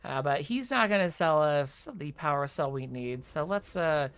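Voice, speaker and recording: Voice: mid-range voice, expressive, moderate pace, fairly bright tone, clean tone. A gamer giving casual, chatty commentary on a game quest walkthrough, with jokey asides between the instructions.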